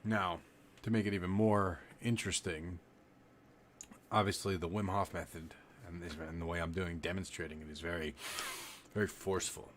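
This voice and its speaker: A man leading a live-streamed breathing lesson, talking in a relaxed, rambling way and demonstrating as he goes. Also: sits low, moderate pace, slight background noise. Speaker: livestream meditation teacher. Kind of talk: casual live-stream instruction.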